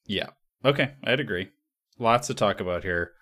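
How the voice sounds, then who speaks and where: A lower-pitched man hosts a podcast in loose, casual chat. He gives opinionated, rambling takes, broken up by laughing asides. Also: expressive, moderate pace, pushed and bright. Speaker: podcast host.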